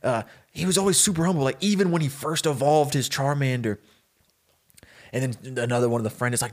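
A man co-hosting a podcast, casually telling a story and jumping into his characters' voices as he goes. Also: mid-range voice. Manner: animated, acts out characters' lines in quick bursts. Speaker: podcast co-host pitching a story.

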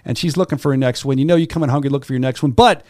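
A man co-hosting a sports talk show from a studio, joking and teasing his co-host in fast, casual banter. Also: mid-range voice, darkish tone, no echo. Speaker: podcast co-host.

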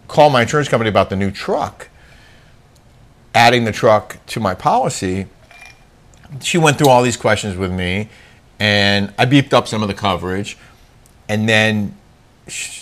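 A middle-aged man co-hosting a casual chat show, telling stories with an animated delivery and frequent laughs. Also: mid-range voice. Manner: animated storytelling, laughs often. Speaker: co-host.

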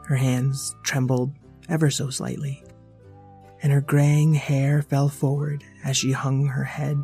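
A storyteller narrating a scripted children's story in a playful, expressive way. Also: medium pitch, takes it slowly, faint music behind.

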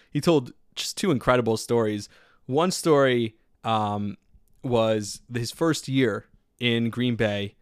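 Rambling excitable man, dry close mic. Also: mid-range voice, clean tone, no room sound. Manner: excitable, rambling, lots of "like" fillers. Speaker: podcast host. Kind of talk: solo sports podcast monologue.

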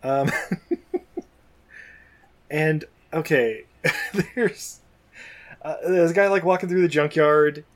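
A man's voice: fairly high pitch, drawn-out words, long pauses. A man recapping a movie in casual chat. He rambles, swears freely and laughs often as he talks.

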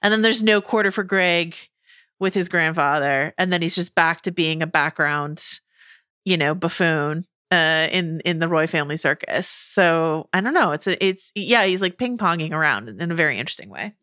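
Woman co-host, chatty, bright clear tone, dry close sound. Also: deep voice, no room sound. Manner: chatty, quick asides and laughs. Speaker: podcast co-host. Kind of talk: casual chat about a TV episode.

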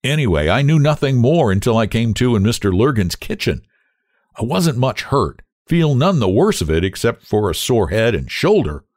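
A man's voice: medium pitch, big pitch swings, normal speed, dry recording, studio quality. A man voicing a grown brother back from prospecting, telling his tale in a sober, hearty way. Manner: warm, sober storytelling. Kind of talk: audiobook character voice.

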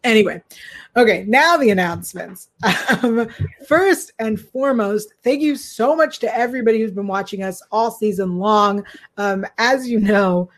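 A woman in the host's chair of a chat podcast, easygoing and loose. She fills pauses with ums and laughs lightly between thoughts, in a voice of middle pitch. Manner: relaxed, lots of ums, laughs between lines. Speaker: podcast host. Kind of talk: casual chat.

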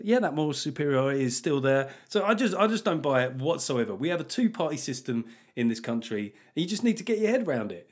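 A man's voice: medium pitch, sing-song, fast, few pauses. A man hosting a comedy podcast, delivering a sardonic, sweary monologue with lots of laughter.

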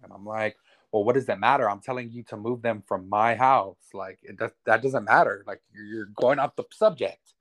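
A man's voice: lowish voice, moderate pace. A man in his thirties, a guest telling a personal story candidly and profanely, acting out what others said. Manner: candid, profane, quotes others in lively retellings. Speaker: interview guest. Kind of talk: casual storytelling.

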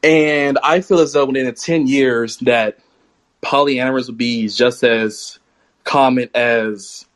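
A young man calls in to a live stream for the first time and talks in a nervous, halting way, full of ums and restarts. His pitch is mid-range and the sound is dry. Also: steady tone, no echo. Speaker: caller. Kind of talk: casual call-in talk.

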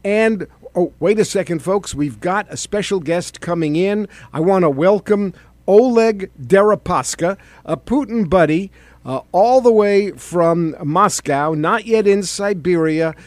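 Middle-aged man, political talk host, sardonic chatty delivery, slightly high voice, dry close sound. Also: animated, a little slow, a little mellow, dry recording. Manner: sardonic, conversational, with fillers. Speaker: talk show host, former congressman. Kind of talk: political commentary show.

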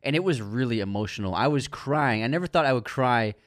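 A man's voice: medium pitch, lively intonation, a little fast, no echo. Man casually recapping a plot, dry sound. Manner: loose plot recap with fillers. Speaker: podcast co-host. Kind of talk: casual film review chat.

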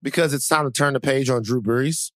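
With a brisk, slightly bright mid-range voice, a man co-hosts a podcast, chatting casually and rambling with many fillers and restarts. The studio-quality recording has no echo.

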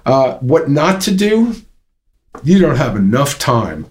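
A man's voice: medium pitch, sing-song, slow pace, darkish tone. A man telling a long story as an interview guest, rambling with many fillers and restarts. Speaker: interview guest, drum company founder. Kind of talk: casual storytelling.

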